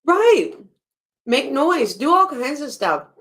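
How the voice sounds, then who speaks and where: Woman host reacting on a live stream, kinda high voice, blunt and animated, swears a lot. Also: measured pace. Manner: blunt and animated, swears freely, laughs between remarks. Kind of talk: casual reaction commentary.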